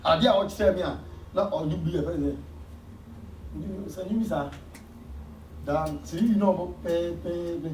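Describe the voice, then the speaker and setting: Ghanaian pastor preaching in an echoey hall. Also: male voice, high-pitched, unhurried, pauses often, a little hiss or hum. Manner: preaching with sudden loud emphasis, mixing in Twi. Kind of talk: sermon. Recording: echoey church hall from far off.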